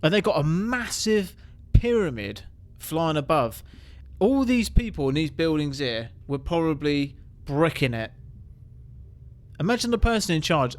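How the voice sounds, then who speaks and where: A man hosting a reaction video, talking excitedly with rhetorical questions and stumbling restarts. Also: a little high, a little slow. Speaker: host reacting to viral clips.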